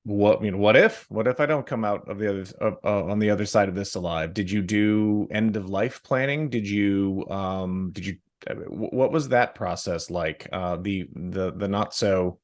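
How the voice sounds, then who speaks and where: Low-voiced male host, halting questions. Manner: halting, rephrases questions with many restarts. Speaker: podcast host. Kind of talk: interview questions.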